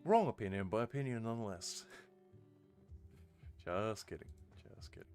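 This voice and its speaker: A man's voice: lowish voice, animated, unhurried, a little mellow, faint music behind. A man chatting casually on a live game stream, rambling and laughing at himself. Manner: rambling, self-mocking, laughs often.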